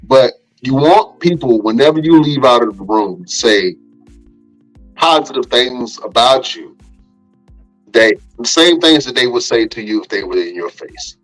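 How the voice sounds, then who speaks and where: A man on a podcast panel, giving earnest, reflective advice in a casual, measured way. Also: mid-range voice, expressive, faint music behind, poor audio.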